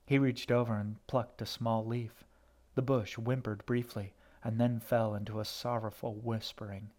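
A man reading a story aloud in steady, even scripted narration. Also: on the low side, moderate pace.

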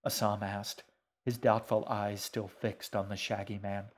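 A man reading a story aloud as narrator, in an even, unhurried manner. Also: lowish voice. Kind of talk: audiobook narration.

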